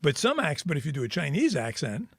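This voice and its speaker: A man's voice: on the high side, wildly swooping pitch, quick pace, vocal fry, breathy edge, dry recording, studio quality. A man co-hosting a casual podcast, a wry, joking storyteller who keeps the chat moving. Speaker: podcast co-host. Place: Kansas City.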